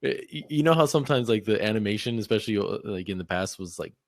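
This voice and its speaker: A man's voice: fairly low pitch, animated, quick pace, dry recording. A man co-hosting a podcast, chatting casually, laughing often and telling stories with animation. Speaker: podcast co-host. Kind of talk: casual chat.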